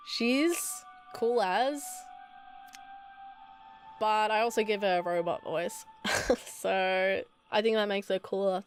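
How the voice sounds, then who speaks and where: A woman reading a text game aloud and voicing its characters, adding casual, joking asides. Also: medium pitch. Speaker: gamer.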